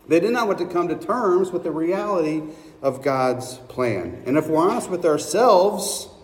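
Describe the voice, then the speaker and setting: A pastor giving a sermon at an unhurried pace, his fairly high male voice picked up from a distance. It rings around a large hall with a long reverb, and he tells a story, checking in with the room as he goes. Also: a little mellow. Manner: storytelling, keeps checking in with a "right?". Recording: echoey hall, mic far off.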